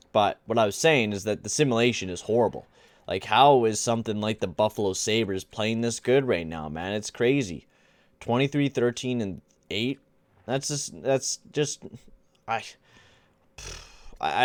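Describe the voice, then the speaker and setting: Rambling and exasperated, a young man commentates casually on gameplay for his gaming channel, tossing out slang such as "dude" and "bruh." He has a lowish voice at a moderate pace, with no room sound.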